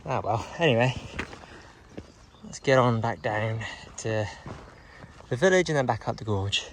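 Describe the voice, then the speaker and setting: A man's voice: medium pitch, animated, unhurried, slight background noise. A man chatting casually to his camera as he walks, muttering asides to himself. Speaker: vlogger. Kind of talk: casual walking vlog narration. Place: outdoors on a hill walk, with traffic nearby.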